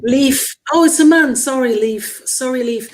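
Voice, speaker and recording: A woman's voice: high-pitched, measured pace, a little mellow, low-quality recording. A woman guest in a conversational interview, explaining earnestly while searching for words with frequent restarts. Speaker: guest experiencer.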